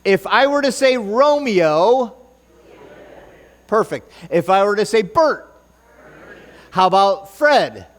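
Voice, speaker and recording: A man's voice: high-pitched, very animated, slow, long pauses. A man preaching a sermon in church, joking and bantering with the congregation and stumbling over his notes. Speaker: pastor.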